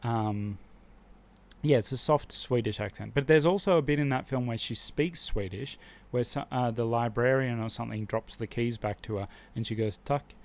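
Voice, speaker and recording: A man's voice: mid-range voice, normal speed, darkish tone. A man hosting a live stream, talking casually and with strong opinions, rambling and restarting his sentences often.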